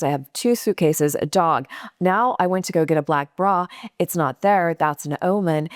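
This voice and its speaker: Animated woman telling a personal story. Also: deep voice, no echo, clean studio sound. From California. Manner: animated, acts out quotes with laughs. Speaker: guest storyteller.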